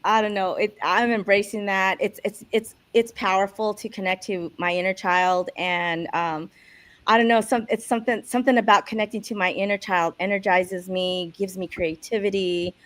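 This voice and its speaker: A woman's voice: medium pitch, steady tone, moderate pace, a bit bright. A woman guest on a podcast, chatting casually over a video call from a rental room, bubbly and giggly, rambling with many restarts. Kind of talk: casual interview talk.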